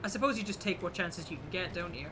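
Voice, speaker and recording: A man's voice: high-pitched, fast talker, noisy background. A young man from the UK, chatting casually and bluntly while streaming a game, rambling and swearing freely. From United Kingdom. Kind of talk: casual chat while gaming. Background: game music.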